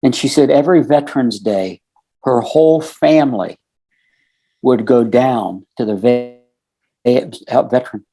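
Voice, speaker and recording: Middle-aged man as a podcast guest, mid-pitched and warm, earnest step-by-step storyteller. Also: unhurried, faint music behind. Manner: earnest, recounts conversations step by step; fills with "you know" and "um". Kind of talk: casual storytelling.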